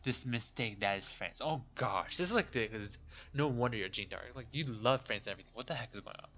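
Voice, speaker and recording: A man streaming a game, making quick, casual reactive asides. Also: medium pitch, lively intonation, sharp tone. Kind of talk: casual live-stream commentary. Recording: dull lo-fi with faint music.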